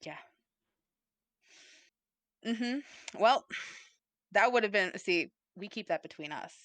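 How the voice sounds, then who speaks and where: A woman's voice: medium pitch, expressive, slow, no room sound. A woman co-hosting a podcast in casual chat, playful and rambling, swearing freely. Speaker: podcast co-host. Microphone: desk mic, typing nearby.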